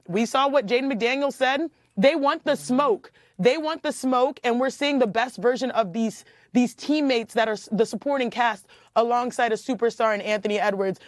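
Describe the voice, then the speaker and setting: Female TV sports analyst, analytical, slightly high, faint music under her.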